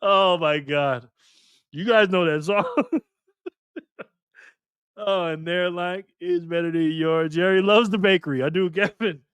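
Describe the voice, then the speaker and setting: Male streamer, higher pitch, jokey and laughing with chat, dry mic. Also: a little slow, pauses often, fairly bright tone, clear, resonant tone, no room sound. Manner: laughs often, banters with chat. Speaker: live stream host. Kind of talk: casual live stream chat reading comments.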